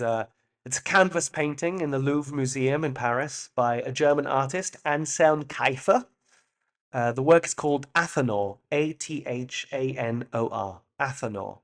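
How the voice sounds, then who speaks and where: A man hosting a solo podcast, musing in a playful way with loose asides and the occasional swear word. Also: medium pitch. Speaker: podcast host. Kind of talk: reflective solo monologue.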